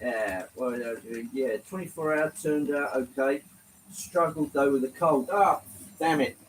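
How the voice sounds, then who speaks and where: A man with an English accent tinged with London hosts a casual livestream, chatting easily, greeting viewers by name and swearing lightly. His medium-pitched voice is measured, and the rough recording carries slight background noise.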